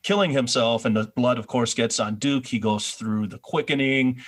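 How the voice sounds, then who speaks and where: Relaxed male podcast co-host. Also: mid-range voice, normal speed. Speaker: podcast co-host recapping a TV episode. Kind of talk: casual chat.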